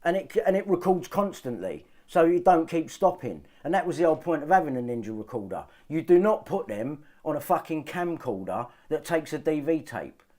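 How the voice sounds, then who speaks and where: A man's voice: a little high, big pitch swings, a little fast, hardly any pauses, warm tone. A man ranting to his viewers, agitated and swearing often, repeating himself to drive points home. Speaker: vlogger. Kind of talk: ranting monologue to camera.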